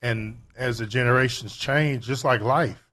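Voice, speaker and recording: A man's voice: medium pitch, measured pace. A man co-hosting a podcast in casual chat, telling stories and reflecting thoughtfully. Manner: reflective, storytelling, animated. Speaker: podcast co-host.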